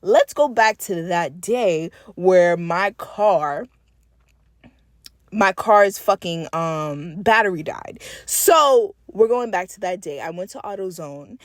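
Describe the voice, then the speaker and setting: A woman's voice: fairly low pitch, expressive, slow pace, no echo, clean studio sound. Chatty, swearing woman vlogger. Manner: chatty, swears freely, laughs often. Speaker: nail tech vlogger. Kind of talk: casual chat while working.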